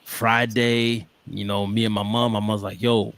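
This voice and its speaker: A man co-hosting a podcast, telling a story in relaxed, rambling casual chat. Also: lowish voice, a little slow, clear, resonant tone, no echo. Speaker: podcast co-host.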